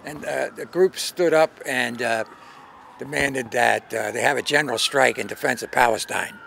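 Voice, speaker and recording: A man recounting a protest outdoors, halting often with fillers. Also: mid-range voice, vocal fry, a bit bright, a little hiss or hum. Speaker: protester giving an account.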